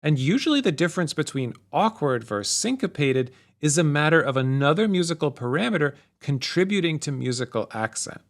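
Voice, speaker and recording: A man teaching music theory in a clear, measured voice that sits a little high for a man. His pitch moves around a lot as he explains, rising and falling with each point. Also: very animated. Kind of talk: explanatory lesson narration.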